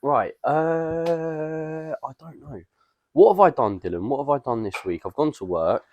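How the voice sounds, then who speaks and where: A young man co-hosting a podcast, telling a rambling, slangy, animated story in casual chat. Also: on the high side, a little slow, lo-fi sound, slight background noise. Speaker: podcast co-host.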